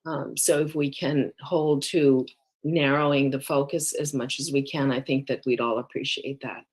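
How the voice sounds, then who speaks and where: Low-voiced measured mayor pro tem. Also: female voice, fairly even intonation, darkish tone, husky. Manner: measured, cautious, many ums. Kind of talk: council meeting remarks.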